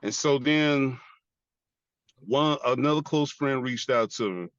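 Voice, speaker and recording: A man's voice: medium pitch, takes it slowly, no room sound, muffled recording. An American man, an army veteran, giving an earnest personal testimony as an interview guest and repeating phrases for emphasis. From United States.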